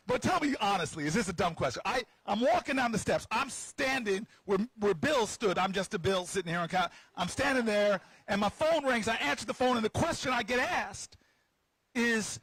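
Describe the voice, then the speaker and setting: A senator speaking outdoors at a rally, telling a playful story to the crowd, with stammering restarts and repeated words. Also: male voice, high-pitched, a little fast, breathy edge, dry recording, rough recording. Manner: lively, playful storyteller who teases the crowd. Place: outdoors on building steps at a rally.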